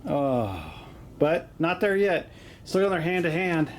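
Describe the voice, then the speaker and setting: A man narrates a tabletop battle from his home basement, chatty and jokey, pausing on fillers as he tallies dice. His voice sits a touch high for a man, and a faint hiss runs under the recording. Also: expressive. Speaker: tabletop wargame host. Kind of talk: casual battle report commentary.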